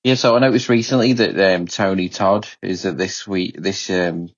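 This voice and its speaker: A man with a very low voice on a podcast, joking in a relaxed way with some hesitant fillers. His audio is a little dull and lo-fi. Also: normal speed. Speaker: podcast co-host. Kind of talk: casual chat.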